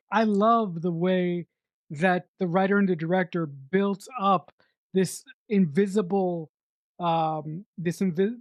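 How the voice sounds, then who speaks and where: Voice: medium pitch, no room sound, studio quality. A middle-aged podcast co-host reviewing a film in casual chat, emphatic, repeating words for effect and swearing freely.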